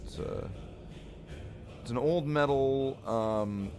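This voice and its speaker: A man's voice: medium pitch, slow, crowd noise. A man chatting casually while painting miniatures on a hobby stream, rambling and joking as he thinks aloud.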